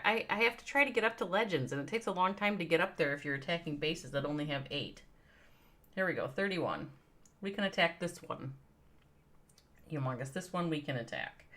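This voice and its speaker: A woman's voice: low voice, fairly bright tone. A woman with a Midwestern accent chatting casually with viewers on a live game stream, thinking aloud and reading out their names. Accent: American Midwestern.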